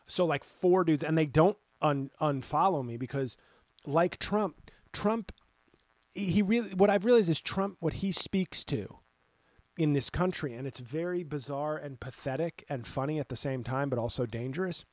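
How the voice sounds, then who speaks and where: A man's voice: on the high side, normal speed, no echo. Ranting male comedian, dry close sound. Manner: animated, ranting, swears freely; sarcastic, talks back to critics. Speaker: comedian and podcast host. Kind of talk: casual podcast monologue.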